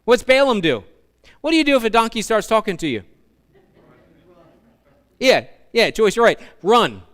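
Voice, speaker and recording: A male pastor preaching a sermon, telling the story in an animated way with humorous asides to the congregation. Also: sits high, moderate pace.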